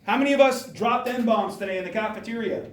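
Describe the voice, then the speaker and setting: A man speaks briskly in a high-pitched voice, firing rhetorical questions during an emphatic motivational talk to students in a school hall. The recording is distant and echoey.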